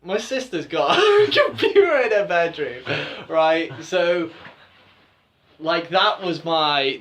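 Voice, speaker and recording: A young man co-hosting a podcast, telling an embarrassing story in casual chat and acting out the voices of the people in it. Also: fairly high pitch. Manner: animated, acts out quoted voices. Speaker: podcast co-host.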